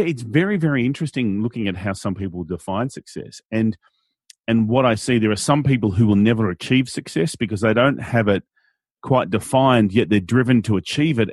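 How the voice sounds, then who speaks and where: Lively Australian man, husky voice. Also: mid-range voice, no room sound, studio quality. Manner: animated, playful, acts out quotes in silly voices. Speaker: guest, event MC. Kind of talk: conversational interview.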